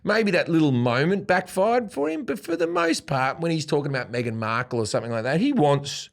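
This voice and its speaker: Mężczyzna z australijskim akcentem, w średnim wieku, opowiada w wywiadzie barwne, wulgarne historie i odgrywa cudze kwestie. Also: male voice, a little high, fairly quick, gravelly. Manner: profane, animated storytelling with acted-out quotes. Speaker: guest comedian. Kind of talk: storytelling in a casual interview. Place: studio.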